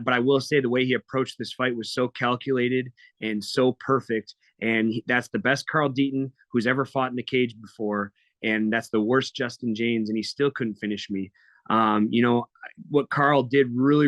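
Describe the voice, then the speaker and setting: The voice is a man's, mid-range and fairly bright, with no room sound. In his thirties and a fighter by trade, he speaks on a candid podcast interview, swearing a lot as he tells blunt, emotional stories.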